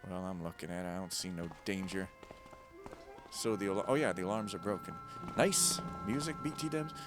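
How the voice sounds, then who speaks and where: A man's voice: low voice, moderate pace, over music. Rambling, jokey gamer man. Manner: rambling, jokey, swings between loud bursts and mumbling. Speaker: gaming streamer. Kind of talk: casual let's-play commentary. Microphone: close desk mic.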